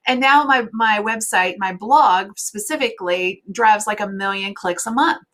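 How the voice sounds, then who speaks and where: A woman hosting a casual interview, chatty and given to asides, often trailing off softly at the end of a thought. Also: medium pitch, normal speed. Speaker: host.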